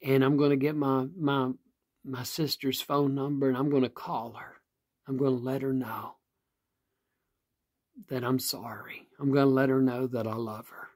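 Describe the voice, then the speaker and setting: A man voicing a grateful, tearful homeless man who speaks slowly and haltingly, with a husky voice. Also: mid-range voice, level tone, darkish tone, natural voice.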